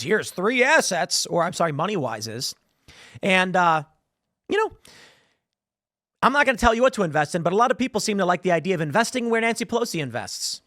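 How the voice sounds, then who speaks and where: Male political show host, slightly high voice, dry close sound, rambling delivery with repeats. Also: fairly bright tone, no echo. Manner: rambling, repeats words, reads headlines aloud. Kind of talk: solo news commentary.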